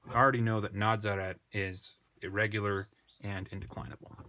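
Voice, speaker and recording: A man with a fairly low voice talks through a language lesson at an unhurried pace. He thinks aloud, pauses over his words and corrects himself now and then. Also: level tone, bright, forceful tone, a little hiss or hum. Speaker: Greek tutor. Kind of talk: unscripted screen lesson.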